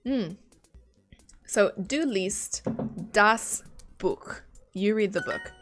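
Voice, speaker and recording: A woman talks slowly and casually through her study notes during a live stream. She thinks aloud and mutters the odd curse when something won't stick. Soft music plays faintly behind her. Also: mid-range voice, animated. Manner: chatty, thinks aloud, swears when frustrated. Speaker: live streamer learning German.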